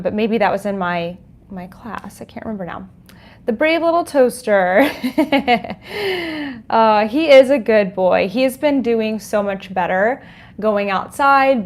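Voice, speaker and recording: A woman hosting a livestream from home, greeting viewers and reading their chat comments with frequent laughs. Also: medium pitch. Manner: bubbly, laughs often, reads chat comments aloud. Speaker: podcast host on a livestream. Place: home, dog nearby. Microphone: desk microphone.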